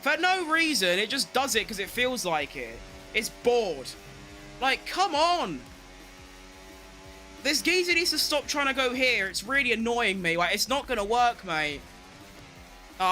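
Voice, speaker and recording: A young man rattles off live commentary while he races, excitable and quick to swear at rivals or plead with his car. His voice sits high and sounds very bright and sharp. Faint music plays under him. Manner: excitable, swears, talks to himself and the game. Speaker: game streamer. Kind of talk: live racing game commentary.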